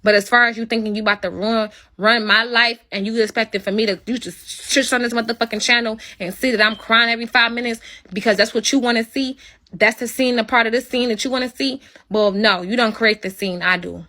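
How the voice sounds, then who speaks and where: A woman's voice: fairly high pitch, steady tone, a little fast, pushed and bright. A woman hosting her own livestream and ranting at her viewers, blunt and heavy with swearing. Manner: blunt, profane, confrontational. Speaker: livestream host. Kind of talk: angry livestream rant.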